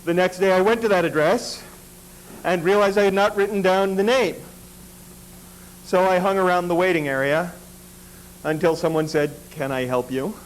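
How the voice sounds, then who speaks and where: A man's voice: high voice, fairly even intonation, moderate pace, long pauses, low-quality recording. A man performing stand-up, telling a long personal story in a dry, self-deprecating way.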